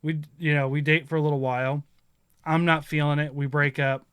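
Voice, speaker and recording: Bright-voiced man in rambling casual chat. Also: on the high side, little pitch movement, brisk, clean tone, no room sound. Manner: rambling, laughs often, acts out quotes. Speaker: podcast host.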